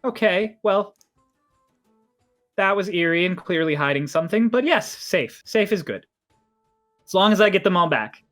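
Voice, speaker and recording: A woman voicing Lorelei, a brisk young woman sailor in a tabletop game, chipper and clipped. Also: lowish voice, lively intonation, fairly bright tone, faint music behind, voice pushed up.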